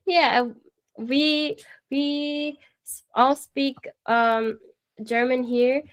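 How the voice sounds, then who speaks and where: A woman's voice: sits high, steady tone, extremely slow, dull audio. A woman hosting a live radio talk show, cheerful and laughing often.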